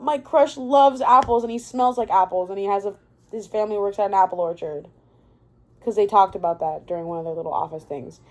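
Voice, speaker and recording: A young woman ranting casually about a book she loves, excitable and rambling, often stopping mid-thought to correct herself. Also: mid-range voice, fairly quick. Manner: rambling and excitable, often losing her thread. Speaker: book vlogger.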